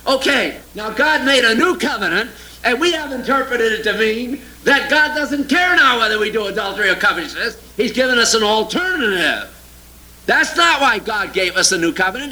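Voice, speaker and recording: A male preacher with a high, piercingly bright voice delivers a sermon and reads scripture aloud. He mocks opposing ideas with heavy sarcasm, jumping from loud outbursts to low, quiet asides. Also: a little hiss or hum, poor audio. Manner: sarcastic, mocking; animated, swinging from loud exclamations to low asides.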